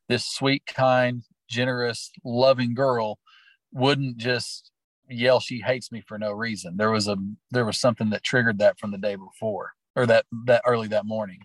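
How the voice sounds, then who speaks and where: A man's voice: mid-range voice, fairly even intonation, moderate pace, no echo, poor audio. A middle-aged man from Oklahoma, a teacher and sports coach, telling personal stories in an interview in an earnest, heartfelt, rambling way. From Oklahoma, USA.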